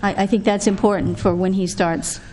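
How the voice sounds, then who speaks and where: A woman on a town board, making motions and suggestions in a polite, halting way with frequent fillers. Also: mid-range voice, fairly even intonation, warm tone, faint music behind. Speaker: board member. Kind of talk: meeting discussion. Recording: faint background noise, public meeting room.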